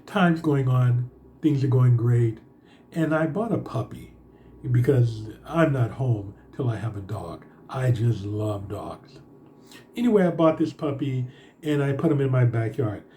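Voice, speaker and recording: Dark-voiced man telling a rambling story. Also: mid-range voice, lively intonation, a little hiss or hum. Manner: rambling, halting, with many fillers. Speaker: vlogger. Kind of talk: casual storytelling monologue.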